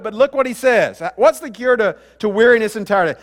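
Pastor, male, high voice, conversational sermon delivery that asks the room questions, church reverb. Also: expressive, brisk, hardly any pauses. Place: church sanctuary. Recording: hall reverb.

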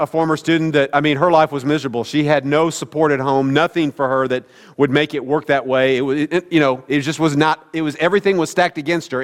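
A man's voice: fairly high pitch, in a large hall. A middle-aged male pastor preaching a conversational sermon, with joking asides to the congregation. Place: church sanctuary.

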